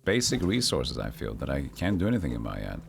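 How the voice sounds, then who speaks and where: A man streaming a video game, muttering his thoughts aloud in a relaxed way. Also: rumbling low, fast, creaky, music in the background.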